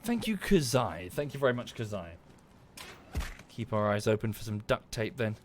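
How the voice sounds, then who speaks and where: A man's voice: fairly low pitch, big pitch swings, normal speed, slight background noise. Chatty Estuary English man streaming a game. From southern England. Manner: chatty, thanks viewers by name, mutters and swears at the game. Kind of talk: casual livestream commentary while gaming.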